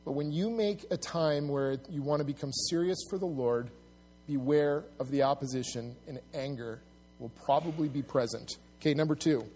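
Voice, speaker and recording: Delivering a sermon to his church, this man speaks plainly and earnestly, often breaking off to begin sentences again. Imitating scoffers, he turns loud and high-pitched.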